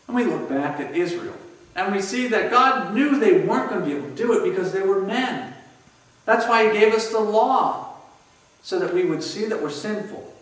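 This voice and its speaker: A male pastor with a fairly high voice preaches in animated storytelling style and acts out the scenes he describes. He is heard from a distance, in a church sanctuary full of echo. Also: moderate pace. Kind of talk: sermon. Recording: echoey church hall from far off.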